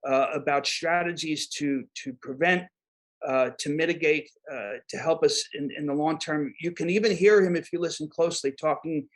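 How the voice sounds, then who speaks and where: A man with a New York accent speaks as a guest expert in an interview. His voice sits a little high for a man. He talks in a halting way, full of fillers and repeated words. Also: rough recording. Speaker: guest expert on disaster preparedness. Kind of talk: conversational interview answers.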